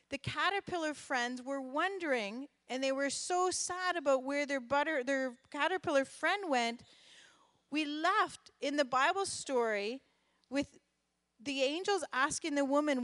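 A woman teaching children, telling a Bible story in a gentle, steady storytelling way. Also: sits high, a little slow, no echo.

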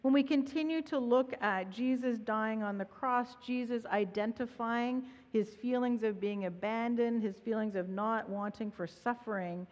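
A woman's voice: a little high, moderate pace, few pauses. Woman pastor giving a sermon, earnest and reflective, long echo, kinda muffled. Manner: earnest, reflective, softening for quoted prayers. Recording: dull audio with long hall reverb.

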